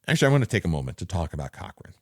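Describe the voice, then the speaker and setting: Animated rambling man reviewing a movie. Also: sits low, racing, no room sound, clean studio sound. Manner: rambling, animated, fond of doing voices. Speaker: podcast co-host. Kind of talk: casual movie-review chat.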